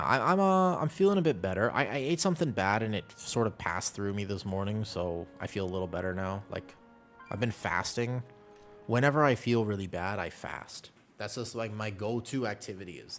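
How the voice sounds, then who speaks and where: A man streaming from home, chatting casually and rambling with his viewers. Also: lowish voice. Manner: rambling, relaxed, chats with viewers. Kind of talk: casual chat with chat while gaming. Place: at home with a cat.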